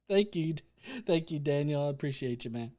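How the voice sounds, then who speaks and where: His voice sits a little high, expressive and mellow, at a slightly slow pace. Hosting a relaxed livestream, he reads out comments and thanks viewers, joking and cursing as he rambles and restarts.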